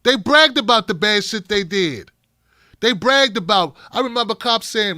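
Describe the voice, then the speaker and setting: Middle-aged male live-stream host, blunt and fired up; high, forceful voice, dry sound. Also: animated, normal speed, no echo. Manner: fired-up, blunt, profane, talking to chat by name. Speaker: show host reading live chat. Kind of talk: live-stream talk show commentary.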